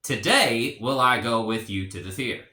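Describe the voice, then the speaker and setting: Man, language teacher, relaxed rambling explanation, roomy echo. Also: mid-range voice, moderate pace. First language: English. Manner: relaxed, rambling, many fillers and restarts. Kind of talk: casual explanatory lesson.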